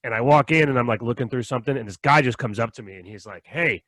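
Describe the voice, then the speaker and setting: Man hosting a podcast, rapid-fire storyteller, dry close sound. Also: medium pitch, fairly bright tone, dry recording. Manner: rambling, laughs often, acts out quotes. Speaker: podcast host. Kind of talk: casual chat, storytelling.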